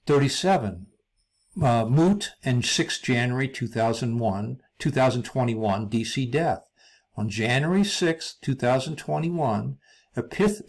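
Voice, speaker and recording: A man narrating a solo video lecture, reading from a script in a measured way, pausing between list items and sometimes restarting a word. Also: mid-range voice. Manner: measured, reads lists with pauses and occasional restarts.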